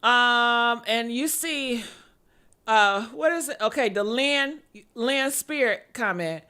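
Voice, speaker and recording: A woman's voice: a little high, takes it slowly, pushed and bright, clear, resonant tone. A woman vlogger reading out viewer comments in mock outrage, sarcastic, laughing often and repeating short exclamations.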